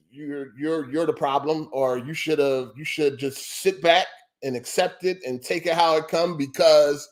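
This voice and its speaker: A man's voice: high voice, fairly bright tone. A man hosting a podcast, ranting in a heated, profane and repetitive way. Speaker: podcast host. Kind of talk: ranting solo podcast monologue.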